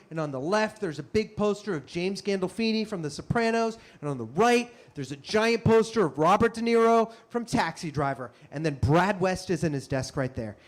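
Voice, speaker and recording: A young man telling a comic story on stage, animated and self-mocking with quick asides. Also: high voice. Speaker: comedian and storyteller. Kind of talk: live stand-up storytelling.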